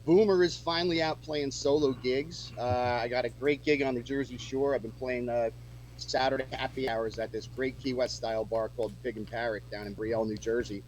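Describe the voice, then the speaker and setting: A man's voice: medium pitch, fairly even intonation, a little fast, slight background noise, poor audio. A man chatting casually as a musician guest on a radio show, rambling with lots of fillers and restarts.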